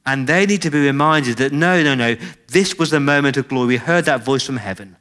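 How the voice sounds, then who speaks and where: A man preaching a sermon in church, expressive, with dramatic swings in loudness and pitch, and he slows down on key phrases. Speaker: pastor.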